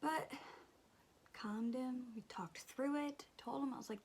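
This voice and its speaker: Husky, chatty mom dropping to near-whispers. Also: female voice, high voice, a little slow. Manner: chatty, exasperated, often drops to a soft near-whisper. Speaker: beauty vlogger, mother. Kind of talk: casual storytelling during a makeup tutorial.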